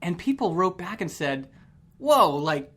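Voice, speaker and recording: A man's voice: high voice, sing-song, a little slow, a bit bright. A man from Canada hosting a podcast, chatting casually and laughing often between rambling sentences. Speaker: podcast host.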